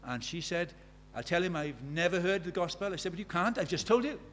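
A middle-aged Welsh man preaching a sermon, moving between loud declarations and quiet, hushed asides. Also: sits high, lively intonation, fairly quick, slight background noise. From Wales.

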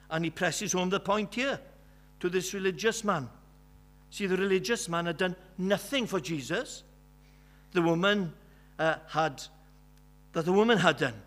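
A Welsh man preaching a sermon, earnest and emphatic, driving each point home by saying it twice. His voice sits a little high for a man. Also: fairly bright tone. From West Wales. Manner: earnest, emphatic with many repetitions.

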